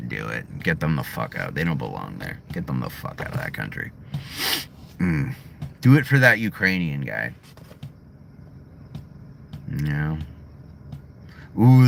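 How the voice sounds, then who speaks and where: A middle-aged American vlogger chats casually on a livestream from his driveway, blunt and profane, swinging between heated and subdued. His low voice has vocal fry and sounds pushed and bright, with a little hiss or hum in the audio.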